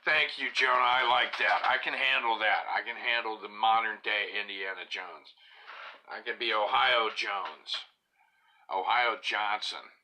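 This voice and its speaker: A man's voice: on the low side, measured pace. A man casually chatting on a live stream, reading viewer comments aloud and poking fun at himself, sometimes dropping to a whisper. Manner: chatty and self-mocking, drifting into soft whispered asides.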